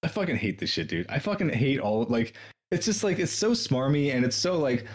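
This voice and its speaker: A man's voice: medium pitch, big pitch swings, a little fast. A man co-hosting a podcast, reading history passages aloud and breaking off into profane, sarcastic commentary. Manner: profane, sarcastic, reads quotes then riffs. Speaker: podcast co-host.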